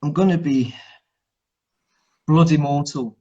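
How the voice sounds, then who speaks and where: A man's voice: on the high side, slow, warm tone, husky, lo-fi sound. A man whose first language is Hungarian, co-hosting a casual English-learning chat on a live stream, often repeating his words and laughing.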